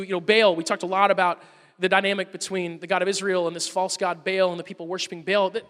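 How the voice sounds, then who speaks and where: A man preaching a sermon, telling the story in an animated way and acting out the quotes. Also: high voice, long reverb tail.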